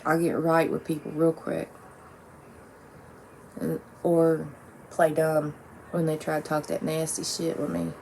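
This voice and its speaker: A woman's voice: sits low, completely flat delivery, unhurried, vocal fry, long pauses, a little mellow, a little hiss or hum. A woman talking bluntly and profanely in a rambling casual monologue, with lots of "like"s. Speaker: vlogger.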